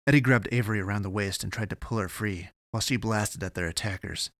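Low-voiced man narrating an audiobook. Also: fast, a bit bright, no echo, clean studio sound. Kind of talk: scripted narration.

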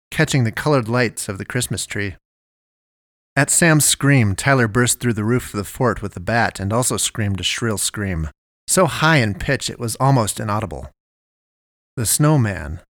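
Low-voiced male storyteller. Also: fairly bright tone, no echo, clean studio sound. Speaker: narrator. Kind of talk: scripted story narration.

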